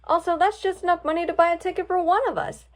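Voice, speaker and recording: A woman's voice: very high-pitched, steady tone, fast talker, pitched above the performer's own voice. A woman voicing a cautious, practical male zebra in a storybook reading, speaking in a doubtful, matter-of-fact way.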